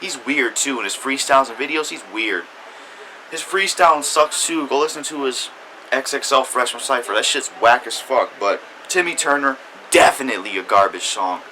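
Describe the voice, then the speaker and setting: A man's voice: medium pitch, lively intonation, normal speed, pushed and bright, a little hiss or hum, low-quality recording. A man ranting through a blunt, swear-heavy music review. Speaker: music reviewer, channel host.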